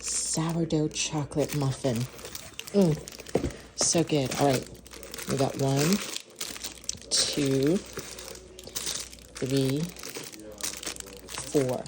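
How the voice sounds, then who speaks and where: A woman's voice: very deep voice, steady tone, drawn-out words, pauses often, background noise. A woman food vlogger unboxing and tasting baked goods in her kitchen, gasping and gushing as she goes. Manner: gushing, gasps and moans over food. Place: home kitchen.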